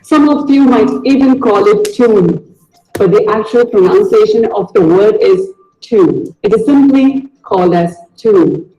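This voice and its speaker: In a video lesson on pronunciation, a man deliberately says each word and repeats it as a drill. His warm voice sits high with lively intonation, and the recording is reverberant with the highs cut off.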